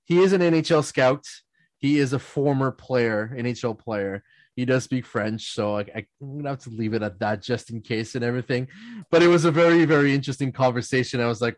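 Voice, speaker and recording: A man's voice: mid-range voice, a little fast, no echo. Québécois man telling hockey stories, dry mic. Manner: animated anecdotes, quotes others in playful voices, laughs often. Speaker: podcast host. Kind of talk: casual storytelling chat.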